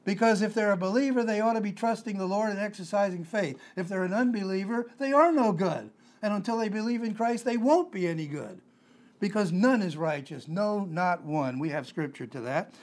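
A man delivers a conversational sermon in a noticeably high voice. He leans on emphasis and circles back to repeat his main points. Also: a little fast. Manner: emphatic, repeats key phrases. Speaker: preacher.

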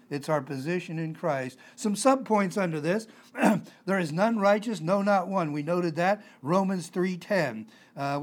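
A man delivers a conversational sermon in a noticeably high voice. He leans on emphasis and circles back to repeat his main points. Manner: emphatic, repeats key phrases. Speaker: preacher.

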